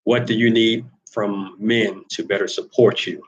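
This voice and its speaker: A man's voice: on the low side, flat delivery, unhurried, muffled recording. A man hosting a solo talk monologue, wry and rambling, repeating words as he thinks, turning emphatic when he argues a point. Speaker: host.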